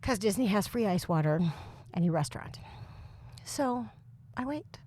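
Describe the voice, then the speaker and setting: A woman in her thirties or forties with a very loud voice, co-hosting a podcast and telling a comic story with lots of laughs and exasperation. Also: medium pitch, expressive, normal speed, pauses often, slight background noise. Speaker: podcast co-host. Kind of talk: casual chat, comic storytelling.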